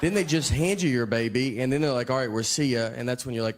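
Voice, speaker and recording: A man doing a stand-up comedy set, telling stories in a deadpan way with low muttered asides. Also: fast. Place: theater stage with a laughing audience. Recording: live stage audio with audience noise.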